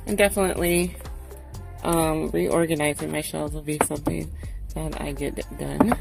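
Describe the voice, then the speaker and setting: A woman vlogger in casual chat, relaxed and swearing freely. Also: deep voice, normal speed, vocal fry. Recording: music playing behind her voice.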